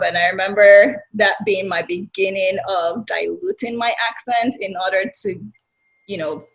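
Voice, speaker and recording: A woman's voice: mid-range voice, normal speed, breathy edge, rough recording. A woman from Nigeria with a Nigerian accent, telling personal stories openly in a group conversation over a video call. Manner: open, talkative, personal storytelling. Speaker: discussion participant.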